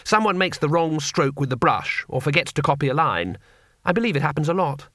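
A man's voice: a little high, lively intonation, a little fast, pushed and bright, no room sound, studio quality. A man voicing a timid, mild-mannered male tourist who talks in an earnest, apologetic way. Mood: fretful.

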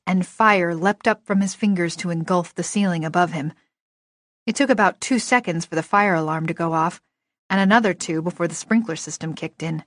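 A woman reads a first-person novel aloud with lively, expressive delivery. Her voice sits at a middle pitch for a woman. The sound is dry and close, with no room around it. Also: normal speed, no echo. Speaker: audiobook narrator.

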